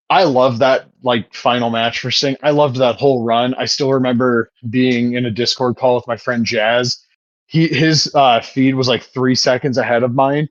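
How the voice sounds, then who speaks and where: A man hosting a podcast in casual chat, telling stories in an animated, profane way. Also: mid-range voice, no room sound, lo-fi sound. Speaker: podcast host.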